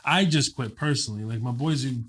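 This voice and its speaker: A man's voice: medium pitch, a little fast, a bit bright, breathy edge. A man in his late thirties, from Kuwait and raised in Texas, is a guest comedian telling a loose, profane story and laughing through it. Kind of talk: casual storytelling.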